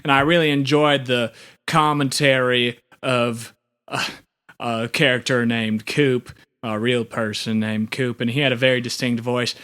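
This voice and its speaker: A man's voice: medium pitch, level tone, unhurried, fairly bright tone, clear, resonant tone, natural voice. A man playing a small goofy alien co-anchor. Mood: enthusiastic. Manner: rambling, dim, enthusiastic. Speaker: radio co-anchor. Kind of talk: comedy audio drama.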